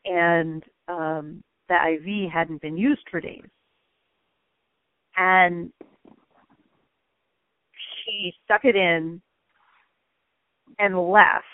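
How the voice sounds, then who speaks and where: A woman's voice: on the low side, very slow, long pauses, no echo. A woman guest in a casual interview, telling a personal story animatedly, full of "like" fillers and laughs. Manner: animated, frequent "like" fillers, laughs mid-sentence. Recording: tinny phone-like line, dry.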